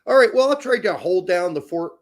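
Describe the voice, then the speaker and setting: A man's voice: sits high, lively intonation, brisk. A man hosting a casual live stream, joking and teasing his co-host.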